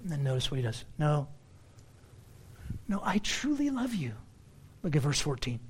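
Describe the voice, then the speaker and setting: A male preacher delivers an expository sermon from the pulpit, his sing-song pitch jumping up and down as he drives each point home. Working through the text verse by verse like a teaching pastor, he shifts between loud, emphatic lines and sudden quiet asides. His pace is moderate and his voice has a breathy edge.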